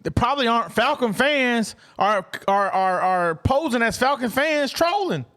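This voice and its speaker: A man with a high voice talks sports in easygoing podcast banter. He restarts his sentences often and gets animated when he mimics online trolls. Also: moderate pace. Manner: animated, restarts a lot, mock-quotes trolls. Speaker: podcast co-host. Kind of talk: casual sports chat.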